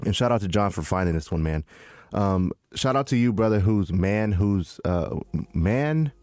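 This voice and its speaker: A man co-hosting a casual podcast, excitable and slangy as he chats. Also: lowish voice, moderate pace, no room sound. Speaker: podcast co-host. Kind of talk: casual crypto chat.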